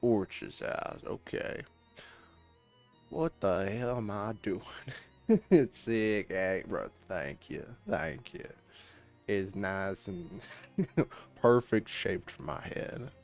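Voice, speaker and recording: A man's voice: lowish voice, expressive, extremely slow, gravelly, long pauses, a little mellow, faint music behind. A man streaming a video game, chatting casually and playfully, reading the game's text aloud in a half-put-on cowboy drawl. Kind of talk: casual let's-play commentary.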